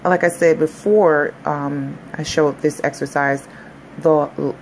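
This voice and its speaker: A woman with a low, deep-set voice talks through leg exercises as a personal trainer, upbeat and encouraging. Her delivery is casual and chatty, and faint background noise sits under the voice. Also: fairly even intonation, slow pace. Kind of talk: casual fitness vlog with exercise instruction.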